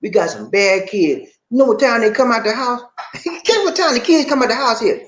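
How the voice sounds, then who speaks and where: A very high-pitched man talks fairly quickly in a roomy space, hosting a laid-back live-stream chat. The vlog host hails from Charleston, South Carolina, carries a Gullah Geechee accent, and is at home in the Philippines, animated, laughing often, and reading viewer comments.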